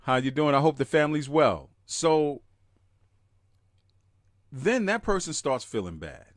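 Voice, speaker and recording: A man hosts a live podcast in an emphatic, unhurried way, his pitch rising and falling widely. His voice is dry and close, with no room sound, and he stops to greet listeners in the chat by name. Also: big pitch swings, dry recording. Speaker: podcast host.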